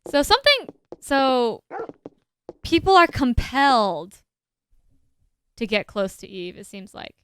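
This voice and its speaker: A woman's voice: a little high, sing-song, slow, pauses often, fairly bright tone, smooth, no echo. A young woman streamer giving playful, giggly let's-play commentary while reading game dialogue aloud.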